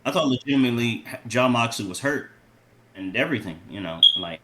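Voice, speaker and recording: A man co-hosting a podcast, casually giving his opinions and ratings in a relaxed way, with lots of "like" and "you know". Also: mid-range voice, fairly quick, heavy background noise. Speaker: podcast co-host. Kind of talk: casual review chat.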